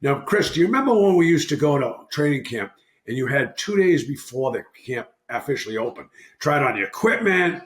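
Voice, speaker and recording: A man's voice: mid-range voice, big pitch swings, brisk. A man in his sixties, a former hockey player, rambling animatedly and correcting himself as he tells a podcast story. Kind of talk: casual storytelling. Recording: roomy echo.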